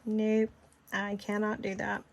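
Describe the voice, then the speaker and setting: A woman's voice: medium pitch, monotone, slow pace, gravelly, slight background noise. A middle-aged woman with a Southern Georgia accent, chatting casually and rambling while she leads a design tutorial. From Florida. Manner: chatty, rambling, laughs easily. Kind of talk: casual screen-recorded tutorial chat.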